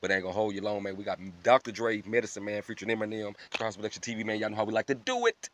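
A man hosting a reaction channel, chatting casually and directly to his viewers with slangy, profane, animated talk and frequent laughter. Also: on the low side, rapid-fire, a little hiss or hum. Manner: addresses viewers as family. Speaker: reaction video host.

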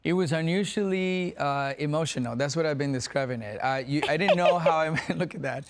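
A man's voice: on the high side, fairly quick, background noise. A man in his forties chats as a guest on a daytime talk show. He tells his stories with animation, laughs easily and often restarts his sentences mid-thought. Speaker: guest actor. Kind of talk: casual talk-show interview.

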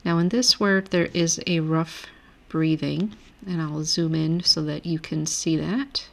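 A woman's voice: deep voice, steady tone, measured pace, gravelly, a bit bright. A woman giving a recorded grammar lecture over a shared screen, patiently reading word lists aloud and explaining each rule step by step. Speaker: language teacher.

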